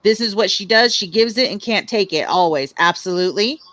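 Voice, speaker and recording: A woman's voice: mid-range voice, brisk, fairly bright tone, dry recording. A middle-aged woman co-hosting a live stream, talking bluntly and frankly in casual chat. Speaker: co-host.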